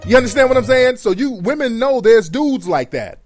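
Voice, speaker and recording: A man's voice: very high voice, expressive, a little fast, no echo, studio quality, faint music behind. A man hosting a radio show, giving blunt, profane advice in a conversational monologue.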